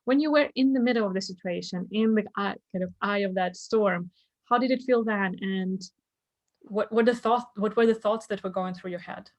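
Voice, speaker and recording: A woman's voice: medium pitch, moderate pace. A woman with a mid-range voice hosts a podcast and puts questions to her guest. She searches for her words and restarts her phrasing as she goes. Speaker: podcast host. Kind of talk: interview questions.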